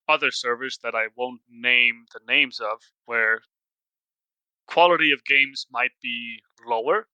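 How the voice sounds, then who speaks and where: A man's voice: mid-range voice, sharp tone, smooth, no room sound, low-quality recording. A man with a Danish accent chatting casually as a guest on a podcast, talking things through step by step. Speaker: podcast guest, Commander player.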